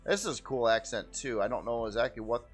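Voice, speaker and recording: A man's voice: medium pitch, fast, soft background music. A man giving casual, rambling gameplay commentary as host, easygoing and often repeating how cool things look. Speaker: game video host.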